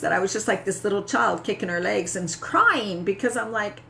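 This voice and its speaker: A woman's voice: mid-range voice, normal speed, creaky, few pauses, sharp tone, slight background noise. A middle-aged woman health coach talking casually and candidly to her audience, often tagging her points with "right?". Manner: candid, self-mocking, frequent "right?" asides. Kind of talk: casual talk to camera.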